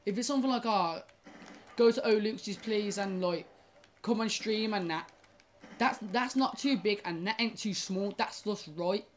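A woman's voice: mid-range voice, a little slow, a little hiss or hum. Rambling young woman gamer. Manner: rambling, stumbling restarts, swears at the game. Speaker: gaming YouTuber. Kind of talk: casual gaming commentary.

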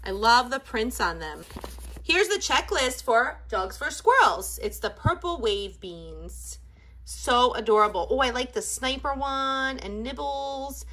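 Bright, high-voiced gushing woman. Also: expressive, measured pace. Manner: gushing, enthusiastic. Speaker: toy unboxing vlogger. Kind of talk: casual unboxing chat.

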